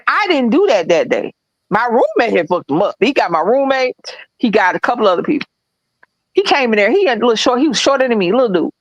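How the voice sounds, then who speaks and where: A podcast co-host tells a story in casual chat, blunt and animated, swearing freely with loud, easy confidence. Her voice sits a little high, and the low-quality recording sounds dry and close with no echo.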